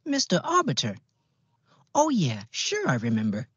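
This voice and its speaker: A man's voice: fairly high pitch, huge pitch swings, moderate pace, fairly bright tone, slightly rough, no echo, pitched above the performer's own voice, heavily acted. A man voicing a small, chatty school receptionist with an old-fashioned Midwestern accent and a folksy manner. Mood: chirpy. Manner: folksy, chirpy. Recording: dull, dry lo-fi recording.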